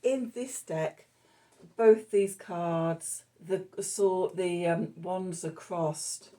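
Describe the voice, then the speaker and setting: Slow, mellow woman reading tarot. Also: fairly low pitch. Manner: meandering and reflective, many fillers. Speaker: tarot reader.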